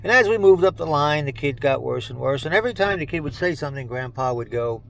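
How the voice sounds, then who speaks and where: A man's voice: on the high side, animated, quick pace, creaky, few pauses, poor audio. Older man telling a folksy joke. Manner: plain, chatty folksy delivery. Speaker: joke teller and channel host. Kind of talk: casual storytelling of a joke.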